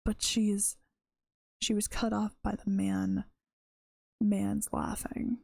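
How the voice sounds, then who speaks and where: A woman's voice: mid-range voice, flat delivery, slow pace, creaky, dark tone, no room sound. A tired woman streamer reading her own story aloud, correcting herself as she goes. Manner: unpolished reading with self-corrections. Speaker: streamer and writer.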